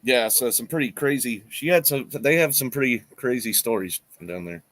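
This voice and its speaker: A man's voice: medium pitch, animated, moderate pace, a bit bright. Plain-spoken man telling stories as a guest. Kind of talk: casual chat.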